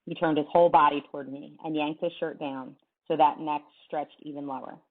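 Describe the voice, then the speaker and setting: A woman teacher reading a novel aloud to her class, with an expressive delivery. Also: deep voice, a little fast. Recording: tinny phone-like sound.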